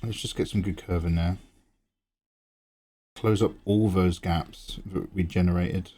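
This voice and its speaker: Mellow and steady, this grown man keeps a measured pace as he runs a live drawing stream. He's chatty and playful with his audience, teasing them in his answers to chat, and his voice rises sharply when he greets viewers.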